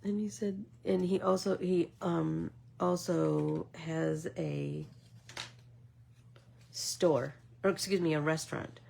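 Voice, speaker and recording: A middle-aged art vlogger chats casually while making art, her low, gravelly, husky voice slow and unhurried with a darkish tone. She rambles through her story with fairly even intonation and plenty of fillers, sometimes sinking into a whisper.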